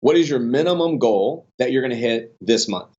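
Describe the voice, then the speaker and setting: A man's voice: medium pitch, normal speed. A man telling his business stories on a podcast, loose and rambling, often backing up and restarting his sentences. His voice sits in a middling range. The recording sounds a bit dull and lo-fi. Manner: rambling, many restarts and fillers, animated in stories. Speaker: podcast guest, online business owner. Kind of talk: casual conversational storytelling.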